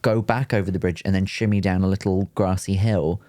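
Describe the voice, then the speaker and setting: A man hosts a casual podcast chat. His voice is on the low side, and he keeps the banter dry and teasing. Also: steady tone, brisk, warm tone, no room sound. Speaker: podcast host.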